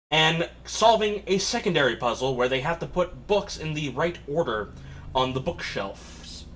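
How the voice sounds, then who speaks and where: A man's voice: a little high, fairly bright tone, a little hiss or hum. A man acting as game master, casually recapping the last session in a loose, rambling way.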